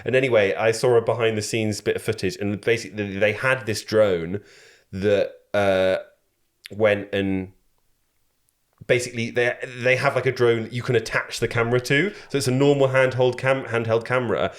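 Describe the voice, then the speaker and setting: A man's voice: on the low side, steady tone, moderate pace. A man hosting a podcast, rambling casually with lots of fillers and restarts. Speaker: podcast host. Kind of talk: casual chat.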